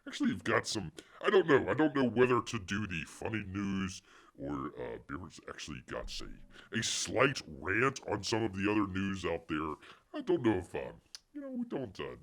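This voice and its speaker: Man, stream host, gravelly low voice, rambling jokey patter. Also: wildly swooping pitch, moderate pace, a bit bright. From Florida, USA. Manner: rambling, jokey, refers to himself in third person. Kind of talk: casual live stream chat.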